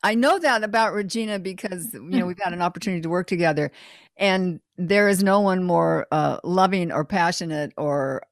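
Host: woman, low gravelly voice, dry close sound, rambling and chatty. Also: normal speed, no room sound. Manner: warm, rambling with frequent restarts. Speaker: talk show host. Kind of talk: casual interview chat.

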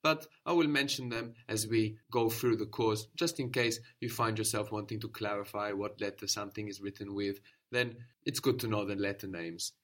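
A man teaching a spoken language lesson, patient and encouraging, explaining slowly and repeating words. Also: fairly low pitch, fairly even intonation.

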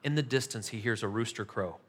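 A man preaching a sermon in a conversational, animated way, often checking in with the listeners. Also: on the low side, fairly quick, long reverb tail. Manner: conversational, animated preaching with frequent "right?" asides. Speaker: pastor.

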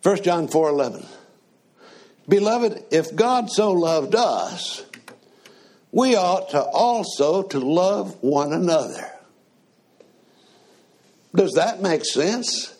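Slow, husky-voiced man preaching. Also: high voice, animated, a little mellow. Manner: slow, conversational preaching with questions to the congregation. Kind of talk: sermon.

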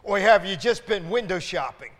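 A high-pitched male pastor preaching to his congregation, calling out hallelujahs and asking the room to answer back. He stumbles over repeated words as he builds his points. His voice rings through the long reverb of a church sanctuary. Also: lively intonation, moderate pace, a bit bright. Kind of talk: sermon.

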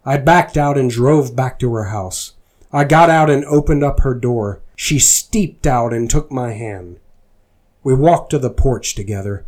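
A man's voice: mid-range voice, measured pace, darkish tone. A man reading a fan story aloud as a dramatic performance, voicing the narrator earnestly. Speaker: fanfiction reader.

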